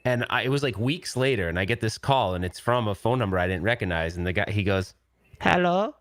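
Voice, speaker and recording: A man from Rhode Island, a guest on a casual gaming podcast, talking in an animated storytelling way. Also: on the low side, dry recording. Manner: animated storyteller, quick to laugh.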